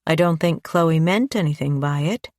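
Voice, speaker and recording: A woman voicing a calm, gentle man who works with children, in an audiobook. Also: deep voice, moderate pace, no echo, studio quality. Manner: gentle, even.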